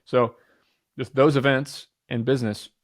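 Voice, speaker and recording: A man's voice: mid-range voice, little pitch movement, unhurried. A man in his thirties, a podcast guest in casual conversation, who talks with energy and emphasis, often repeating phrases, restarting his sentences and swearing casually. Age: 30s.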